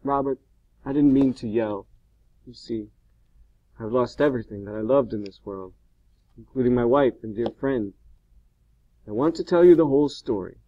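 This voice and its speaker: A weary, haunted scientist, gentle but full of grief, as a man reads him aloud. He speaks with earnest urgency in a mid-pitched voice. The recording is dry and a little muffled. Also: normal speed, long pauses, no room sound, lightly acted. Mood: pleading. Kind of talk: audiobook character reading.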